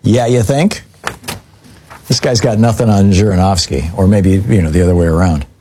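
A middle-aged male radio host talking casually to his listeners. He wanders through his stories with fillers and self-corrections, in a relaxed, chatty way. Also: sits low, moderate pace, slight background noise. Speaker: radio talk show host. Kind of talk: casual call-in radio talk and storytelling.

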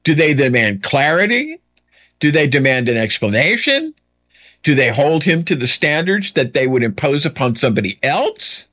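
A man's voice: fairly high pitch, sing-song, moderate pace, bright, forceful tone. A man hosting a solo political commentary show, firing off emphatic rhetorical questions with sarcastic asides.

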